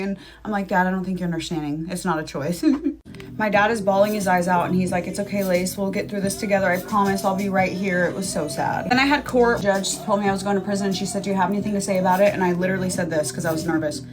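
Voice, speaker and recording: Woman, casual storytime, animated, acts out voices, music behind. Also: medium pitch.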